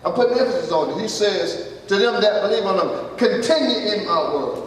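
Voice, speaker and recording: A man's voice: high-pitched, animated, fairly quick. A man preaching a folksy sermon and asking his congregation questions. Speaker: pastor. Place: church hall. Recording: echoey church hall from far off.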